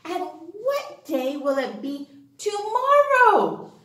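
A woman's voice: very high-pitched, sing-song, slow pace, fairly bright tone. A woman teaching an online phonics lesson for young children, asking questions and answering them herself in a sing-song way. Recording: echoey room.

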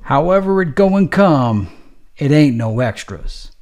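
A man's voice: a little high, big pitch swings, measured pace, darkish tone. A man voicing a tired, curt woman nurse who scolds in street slang. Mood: scolding. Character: weary tough-talking nurse, woman, curt.

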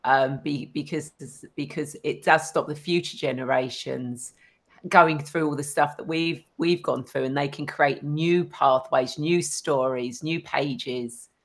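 A woman hosting a spiritual podcast, talking supportively and softly with her guest. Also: sits low, unhurried. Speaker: podcast host. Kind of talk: casual conversational interview.

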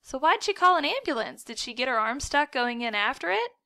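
A woman's voice: high voice, very animated, fairly quick, gravelly, bright, forceful tone, no room sound, full character voice. A woman voicing a frightened, dramatic young boy who wails and pleads in a storybook reading. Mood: sheepish. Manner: wailing, breathless, pleading.

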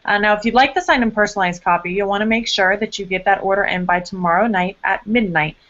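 A woman hosting an online event, running through the practical details briskly in a mid-range voice. Her audio is dull and lo-fi. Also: mid-range voice, fairly bright tone. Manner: brisk, informative, a few fillers. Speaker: event host. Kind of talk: event announcements.

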